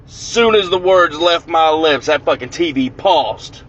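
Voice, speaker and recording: Bright-voiced man telling a profane prank story. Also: on the high side, measured pace, muffled recording. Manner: animated, profane, punchy storytelling.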